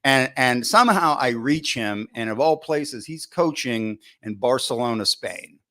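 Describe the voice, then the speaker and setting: A middle-aged football coach, a podcast guest, telling coaching stories in an animated way and acting out his own past thoughts, with frequent restarts and "you know" fillers. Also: medium pitch, measured pace. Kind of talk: storytelling in a podcast interview.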